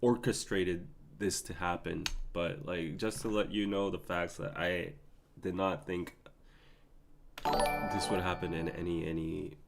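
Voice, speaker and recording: A man's voice: low voice, fairly even intonation, a little slow, creaky, music in the background. A man, hosting a live stream and talking emotionally to his chat. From Korea. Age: 30s. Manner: emotional, laughing, pleading with chat. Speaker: podcast host.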